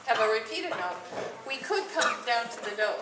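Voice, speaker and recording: A woman's voice: a little high, animated, moderate pace. A woman music teacher leading a class, singing note names to demonstrate and quizzing students. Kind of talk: classroom lesson with sung solfege. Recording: echoey classroom from far off, noisy.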